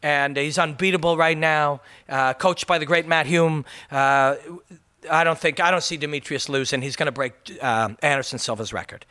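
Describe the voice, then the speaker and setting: A man's voice: fairly high pitch, moderate pace, bright, forceful tone, clean tone. A man hosting a ranting MMA commentary video, passionate and emphatic, swearing for punch.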